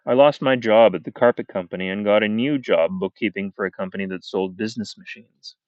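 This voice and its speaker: Man reading a story, measured and dry. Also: lowish voice, no room sound. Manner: measured, pausing, first-person telling. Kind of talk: unedited audiobook reading. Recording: dull, dry.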